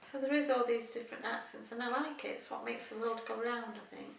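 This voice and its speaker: A woman's voice: on the high side, fairly even intonation, brisk, vocal fry, slight background noise. A middle-aged woman, chatting in a casual interview, rambling and laughing often. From England. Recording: echoey room, mic at a distance.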